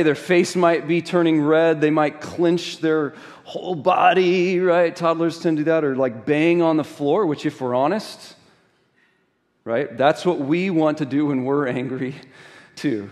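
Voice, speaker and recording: A middle-aged man preaching a sermon in a conversational, animated storytelling way, full of rhetorical questions. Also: on the high side. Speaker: pastor. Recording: long reverb of a large hall.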